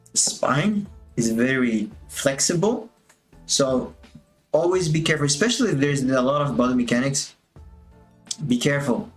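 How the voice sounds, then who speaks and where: A man casually thinking aloud as he walks through his animation work on a stream, musing and drifting a little, with a touch of self-amusement. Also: mid-range voice.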